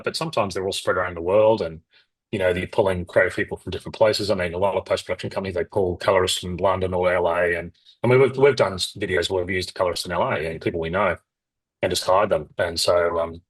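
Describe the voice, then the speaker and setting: Middle-aged man, fast, husky, rambling founder in an interview. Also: low-pitched, rough recording. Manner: rapid, rambling, animated, acts out quoted dialogue. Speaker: company founder, guest. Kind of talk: candid interview storytelling.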